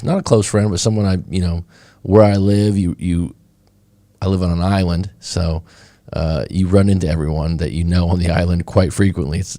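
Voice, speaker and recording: A man talks on a casual live stream as a coach, loose and rambling, circling back with fillers and restarts. His voice sits low and mellow. The sound is close and dry, with almost no room around it. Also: no room sound. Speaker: breakup coach.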